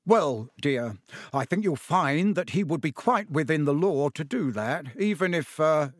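A mild, sheepish wizard father, weary and fumbling for words, as a storyteller puts him on. He stammers when cornered and perks up eagerly. The voice sits a little high and sounds dry and close. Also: expressive, unhurried, no echo. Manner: mumbling, stammering, tired then eager.

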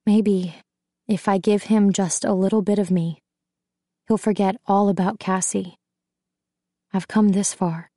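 A woman's voice: mid-range voice, steady tone, a little slow, pauses often, mellow, no echo, clean studio sound. A woman narrating a novel in the first person, with a tense, intimate storytelling delivery. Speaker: audiobook narrator.

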